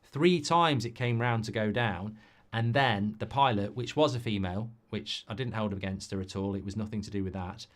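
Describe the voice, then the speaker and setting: A man hosting a live football watchalong, chatting with viewers in a sweary, cynical, rambling and animated way, from England. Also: on the low side, normal speed. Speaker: watchalong host.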